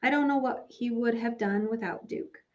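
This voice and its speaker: A woman's voice: on the high side, normal speed, darkish tone, natural voice. A woman reading as a kind navy nurse. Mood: kindly. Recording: dull lo-fi recording.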